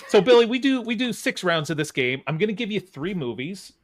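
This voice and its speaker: A man's voice: high voice, sing-song, brisk. A man hosting a podcast who chats casually and explains the rules of a game. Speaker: podcast host.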